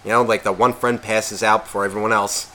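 A man co-hosting a podcast, telling a story in a casual, profane, animated way and acting out quotes. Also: fairly low pitch, fairly quick. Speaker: podcast co-host.

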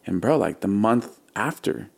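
Lowish-voiced man telling studio stories. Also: measured pace, vocal fry, breathy edge. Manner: animated, imitates beats and quotes others. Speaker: music producer guest. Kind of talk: casual storytelling interview.

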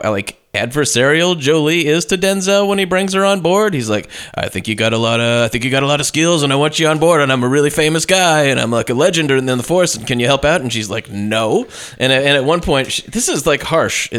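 A man's voice: mid-range voice, lively intonation, fairly quick, hardly any pauses, fairly bright tone, smooth. A man in a casual film discussion who hesitates and restarts often and laughs easily. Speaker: podcast panelist.

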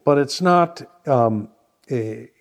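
A priest co-hosts a radio discussion. He fills his sentences with ums and uhs as he works toward each point. His voice is a middle-pitched man's voice. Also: lively intonation, slow pace, gravelly. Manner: hesitant, filler-heavy. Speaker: priest co-host.

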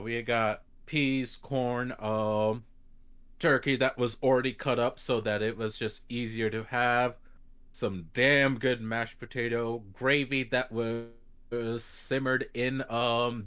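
A laid-back man talks through his holiday in a loose, rambling way, dotting his sentences with ums and likes. His voice sits at an ordinary male pitch, neither high nor low. He sounds like a relaxed co-host in easy conversation with friends. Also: smooth. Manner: relaxed rambling storytelling with fillers. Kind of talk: casual chat.

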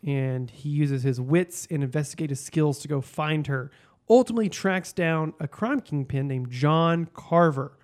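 A podcast co-host recapping a story in a casual chat, with many pauses and fillers. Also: mid-range voice. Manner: storytelling, hesitant.

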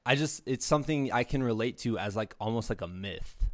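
A young man hosts a casual interview, easygoing and keen, often throwing in "dude" and "man". His voice is mid-pitched. The sound is very dry. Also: lively intonation, brisk, no room sound. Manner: enthusiastic and laid-back, saying "man" and "dude" a lot. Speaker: host, middle school teacher.

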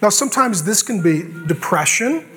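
Animated high-voiced male preacher. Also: normal speed, slight background noise. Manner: animated, acts out biblical characters with humor. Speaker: pastor. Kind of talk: sermon.

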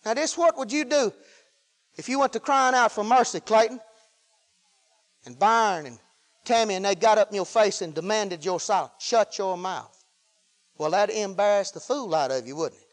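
High-voiced fervent preacher. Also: male voice, normal speed. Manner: fervent, rising and falling with hallelujahs. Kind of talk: sermon.

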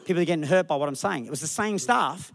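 Brief: energetic male pastor, quick delivery, slightly high voice. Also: creaky. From Australia. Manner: animated, acts out people in the crowd with funny voices. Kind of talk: sermon.

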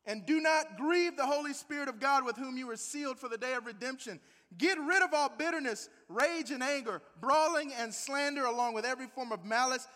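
A man preaching a sermon as pastor, animated and emphatic, tossing rhetorical questions at the congregation. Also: extremely high pitch, fairly quick, long reverb tail.

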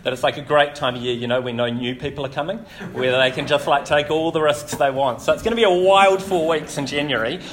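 Chatty New man preaching, higher voice. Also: fast talker. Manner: relaxed, chatty, with frequent fillers. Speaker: pastor. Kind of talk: casual sermon.

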